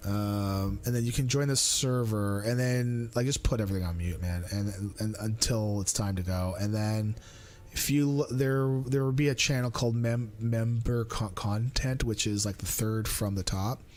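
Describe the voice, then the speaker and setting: A man's voice: on the low side, steady tone, moderate pace, a little mellow. A man live-streaming a game in casual chat, thinking aloud, mumbling asides and teasing himself. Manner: self-mocking and playful.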